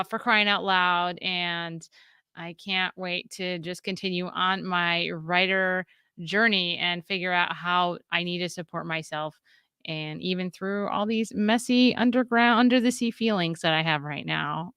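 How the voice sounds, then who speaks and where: A woman co-hosting a casual talk show, chatty and quick to laugh, with many fillers. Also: fairly low pitch, sharp tone, clear, resonant tone, dry recording, clean studio sound. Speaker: podcast co-host. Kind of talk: casual chat.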